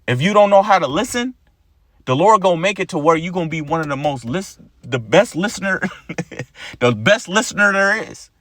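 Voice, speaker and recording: A man delivers an informal sermon in a high voice, pressing his points with profanity and repetition. He keeps tagging his phrases with "man". The sound is close and dry. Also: expressive, moderate pace, a bit bright, no echo. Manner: blunt and profane, repeats lines, ends phrases with "man". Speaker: preacher.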